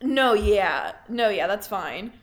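A woman's voice: mid-range voice, lively intonation, takes it slowly. A woman playing a tabletop game, chatty and polite, laughing easily. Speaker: player. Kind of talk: casual tabletop play.

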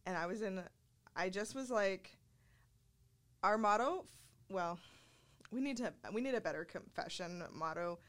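A woman's voice: mid-range voice, unhurried, long pauses, fairly bright tone. A woman who is a photographer, a guest on a podcast, talking candidly and earnestly with little laughs between thoughts. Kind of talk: casual podcast conversation.

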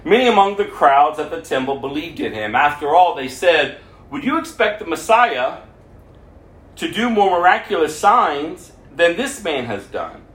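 A man's voice: a little high, very animated, moderate pace, fairly bright tone. A man preaching, reading scripture aloud and adding his own commentary, lifting his voice for the quoted speech. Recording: echoey room.

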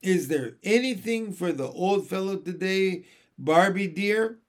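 Man voicing a cheeky old starling, shrill and wheedling, storybook bird, high voice. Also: unhurried. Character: cheeky old male starling, chatty and perky.

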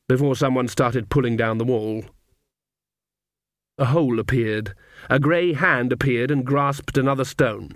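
A man narrating an audiobook in a measured, wry storytelling manner, recorded close to the mic. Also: mid-range voice, no echo.

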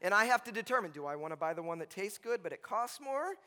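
A man's voice: high voice, lively intonation, quick pace, bright, forceful tone. A male pastor preaching to his congregation in a conversational, joking style, often checking in with "right?". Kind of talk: sermon. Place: church sanctuary with a congregation. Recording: long reverb from a large hall.

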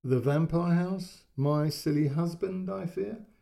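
A man's voice: a little high, slow, gravelly, mellow, voice pushed up. A man voicing a cheerful adult woman who speaks lightly and with amusement in a story reading. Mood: amused.

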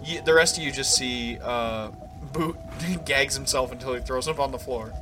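A man's voice: mid-range voice, moderate pace, music in the background. Casual man running a tabletop game. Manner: casual, filler-heavy description. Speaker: game master.

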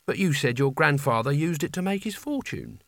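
A man voicing a blunt, practical young woman who speaks briskly. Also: a little high, expressive, vocal fry, a bit bright, dry recording, studio quality. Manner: brisk, no-nonsense.

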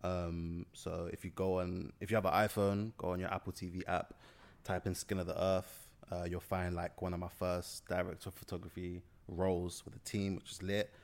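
A man's voice: deep voice, flat delivery, moderate pace, gravelly. A young man from South London with a London accent, chatting casually as an interview guest, rambling and slangy with lots of restarts. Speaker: guest filmmaker.

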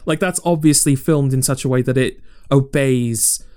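A man chatting on a podcast, rambling and self-mocking as he talks things over. His voice sits at an ordinary middle pitch and he keeps an easygoing conversational flow. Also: normal speed, a little mellow, smooth. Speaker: podcast co-host. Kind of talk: casual podcast chat.

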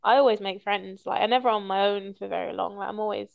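A woman's voice: mid-range voice, fairly even intonation, fast talker, creaky, no room sound. A woman hosting a podcast in casual, chatty conversation. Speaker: podcast host. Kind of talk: casual chat. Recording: dull lo-fi recording.

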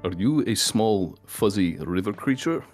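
A woman's voice: extremely low pitch, animated, darkish tone, soft background music. A woman reading a pickup line in a put-on Russian accent, stopping to giggle. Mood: playful. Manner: halting, breaking into giggles.

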